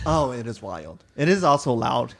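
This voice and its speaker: A man's voice: mid-range voice, big pitch swings, normal speed, gravelly, a bit bright. A man telling comedic stories in a casual podcast chat, playful and theatrical, slipping into sassy quoted voices.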